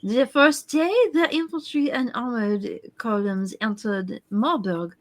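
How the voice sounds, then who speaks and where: A woman's voice: a little high, takes it slowly, voice pushed down. A woman voicing an earnest young German woman who tells her story in a dramatic, storybook-reading way.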